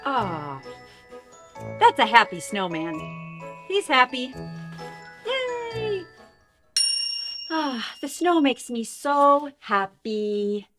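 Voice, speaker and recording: A woman's voice: on the high side, big pitch swings, takes it slowly. Sing-song woman hosting a toddler show. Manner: gentle, sing-song, exaggerated wonder. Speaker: children's show host. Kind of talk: children's show presenting. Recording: music under voice.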